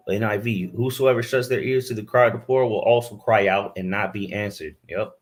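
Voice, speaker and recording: A man's voice: on the low side, steady tone, a little fast, hardly any pauses, faint music behind. A man preaching a fiery sermon, scolding his listeners and reading scripture aloud into a camera he set up himself.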